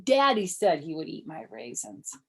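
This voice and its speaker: Older woman, husky voice, animated storybook reading, lowish pitch. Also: normal speed. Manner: animated, chatty asides to listeners. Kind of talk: reading a children's chapter book aloud.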